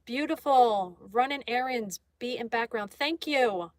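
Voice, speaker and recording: A woman's voice: a little high, very animated, measured pace, no echo, clean studio sound. A woman hosting a casual livestream, chatting and greeting viewers by name while she draws. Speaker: livestream host. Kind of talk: casual chat reading viewer comments aloud.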